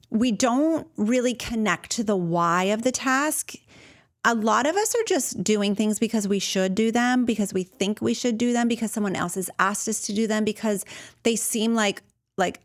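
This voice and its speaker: A woman hosting a solo podcast about ADHD, talking in a casual, earnest and personal way, with fillers and restarts. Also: medium pitch. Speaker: podcast host and ADHD coach.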